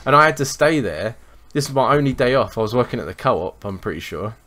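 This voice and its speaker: A young man, co-hosting a podcast and telling sweary, animated anecdotes in casual chat. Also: medium pitch, fast. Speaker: podcast co-host.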